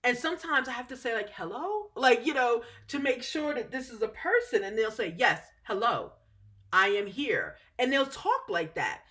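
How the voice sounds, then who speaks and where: A woman's voice: on the high side, sing-song, brisk, hardly any pauses, fairly bright tone. A woman giving a casual, talkative explanation as a spiritual teacher, often checking in with "okay?" and correcting herself as she goes. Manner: chatty, frequent "okay?" check-ins, self-correcting.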